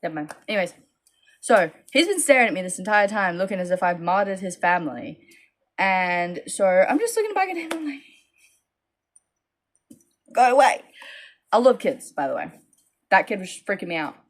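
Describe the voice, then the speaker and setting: A tired young woman tells a rambling storytime vlog into her phone. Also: brisk. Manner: tired, rambling, animated with high-pitched quoted voices. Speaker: small business owner vlogging.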